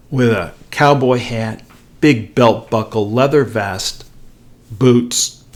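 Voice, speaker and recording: Middle-aged man telling an animated story. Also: mid-range voice. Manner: animated anecdotal storytelling with acted-out quotes. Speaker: host. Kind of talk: storytelling commentary.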